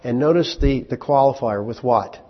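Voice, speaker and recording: A man's voice: medium pitch, in a large hall. A male pastor preaching a sermon in a conversational way, asking his congregation questions and acting out bits of dialogue. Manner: acts out short dialogue in quick voices. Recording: muffled lo-fi recording.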